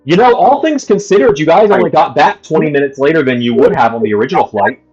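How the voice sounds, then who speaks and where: A man's voice: fairly high pitch, animated, quick pace, a little mellow, highs cut off. A man imitating a smug, oblivious uncle in a raised, dismissive voice.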